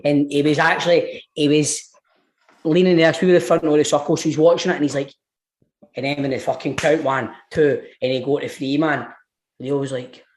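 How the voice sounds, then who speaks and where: A man's voice: on the high side, fairly even intonation, moderate pace. A man with a Scottish accent, co-hosting a podcast, telling a story in casual chat. He swears freely and laughs through his own tales. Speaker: podcast co-host.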